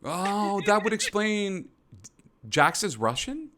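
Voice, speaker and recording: A man chats as a player at a tabletop game, animated and quick to laugh, often breaking off mid-sentence. His voice is bright and jumps around in pitch. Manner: animated, laughing, self-interrupting. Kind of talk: casual game-table chat.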